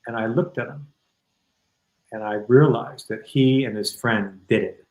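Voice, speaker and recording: A middle-aged man speaks as an interview guest, calm and reflective while he tells a candid story. His voice sits at an ordinary pitch. The call sound is roomy, with a clear echo around him. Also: a little slow. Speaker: guest author. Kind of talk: conversational storytelling.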